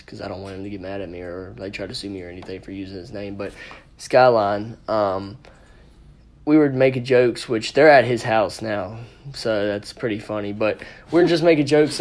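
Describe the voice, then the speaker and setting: A man's voice: on the low side, a little mellow. A man hosting a casual podcast from a room with friends, telling a story in a blunt, rambling, profane way. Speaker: podcast host. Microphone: podcast microphone.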